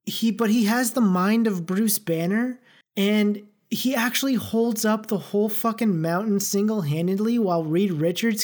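A woman's voice: mid-range voice, darkish tone. A woman co-hosting a podcast in casual chat, retelling a plot in a laid-back, profane way. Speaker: podcast co-host.

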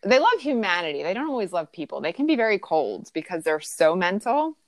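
A woman with a slightly low voice talks in a loose, rambling way, with many fillers and restarts. The recording is dry, with no room echo. It sounds like relaxed casual chat. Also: brisk. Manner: rambling, chatty, full of "like" and "um". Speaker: podcast co-host explaining astrology.

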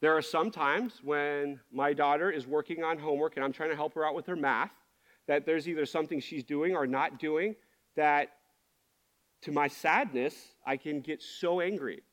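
A man's voice: on the high side, moderate pace, fairly bright tone. A man preaching as a pastor, speaking candidly and confessionally, often restarting his sentences as he searches for words. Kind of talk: candid sermon.

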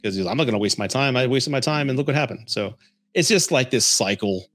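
A man's voice: mid-range voice, expressive, fast talker, fairly bright tone, no echo, studio quality, soft background music. A man from San Antonio hosting a podcast, telling dating stories and giving advice in a casual way, chuckling often as he talks. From San Antonio, Texas, US. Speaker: podcast host.

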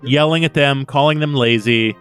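A man's voice: mid-range voice, normal speed, fairly bright tone, clean tone, faint music behind. A man co-hosting a casual book podcast, joking and laughing often while reading passages aloud. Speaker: podcast co-host.

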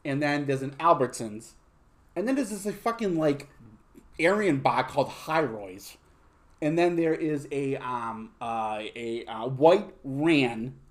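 This young podcast host has a medium-pitched voice with lively intonation and takes his time. In casual chat he tells crude stories, swearing constantly and packing his speech with fillers.

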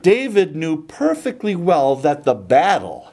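A man's voice: on the high side, huge pitch swings, unhurried, darkish tone. A man preaching a sermon, retelling a scripture story dramatically and animatedly.

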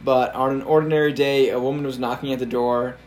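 A man's voice: mid-range voice, flat delivery, fairly quick, darkish tone. A young man co-hosting a casual history podcast, telling the story with fillers and frequent laughter.

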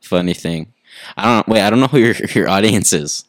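A man's voice: lowish voice, fairly quick, no echo. A young man, a guest on a casual podcast, joking and laughing often and restarting his sentences. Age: young adult. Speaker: podcast guest, coaching client.

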